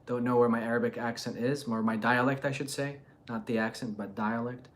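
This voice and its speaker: Male host from Jordan and Palestine, casual explainer, halting and full of fillers. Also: medium pitch, flat delivery. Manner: hesitant, thinks aloud with many fillers and restarts. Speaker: religious channel host. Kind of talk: casual live chat and Quran commentary.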